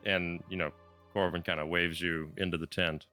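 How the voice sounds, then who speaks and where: Bright-voiced game master narrating casually. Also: male voice, deep voice, flat delivery, moderate pace, faint music behind. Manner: casual, rambling, many fillers.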